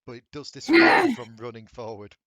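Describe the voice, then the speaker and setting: A man running a tabletop game as dungeon master, narrating events and calling for rolls in a calm, descriptive way. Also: mid-range voice, brisk, dry recording.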